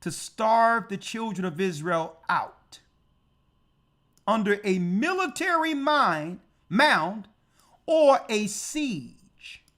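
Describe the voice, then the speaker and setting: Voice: mid-range voice, animated, takes it slowly, sharp tone. A church elder preaching on prophecy, emphatic and full of rhetorical questions. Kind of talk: prophecy teaching sermon.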